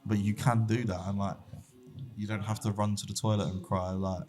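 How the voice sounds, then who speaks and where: A young man with a lowish voice, guesting on a casual podcast. He talks openly and with warmth, telling personal stories in a heartfelt, candid way. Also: little pitch movement, brisk, music in the background. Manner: open, candid, heartfelt storytelling. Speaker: barber shop founder, guest.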